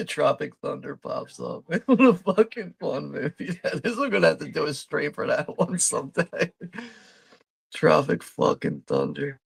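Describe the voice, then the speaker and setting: A man's voice: on the high side, expressive, unhurried, vocal fry, husky, dry recording. A man hosting a live watch party, commenting casually over a film, laid-back, swearing freely and laughing often.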